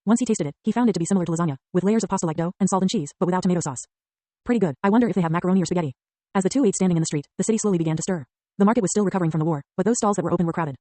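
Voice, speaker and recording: A woman narrating an audiobook in a brisk, even reading style. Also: fairly low pitch, no echo. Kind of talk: scripted narration.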